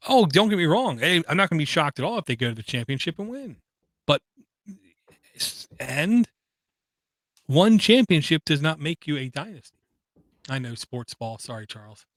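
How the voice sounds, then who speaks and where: A man's voice: fairly high pitch, big pitch swings, moderate pace, long pauses, fairly bright tone, dry recording. A man co-hosting a podcast in casual chat, rambling and opinionated, often restarting his sentences. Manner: rambling, self-interrupting, opinionated. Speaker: podcast co-host.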